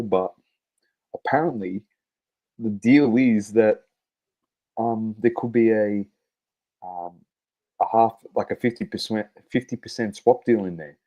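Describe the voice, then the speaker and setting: Male podcast co-host, low warm voice, blunt swearing football banter. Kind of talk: casual sports chat.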